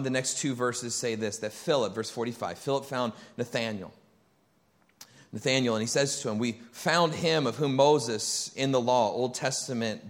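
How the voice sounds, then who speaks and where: Male pastor, sermon in church, conversational, animated delivery that climbs in pitch and volume. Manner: animated, rising loud and high when excited; conversational, acts out quoted dialogue.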